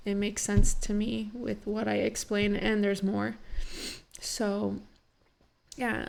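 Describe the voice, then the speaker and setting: A young woman rambles through a casual reaction vlog, her voice gravelly with fry. She is still teary after crying and fills her talk with "like.". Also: mid-range voice, darkish tone. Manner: emotional, rambling, many "like" fillers. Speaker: vlogger reacting to a talk show.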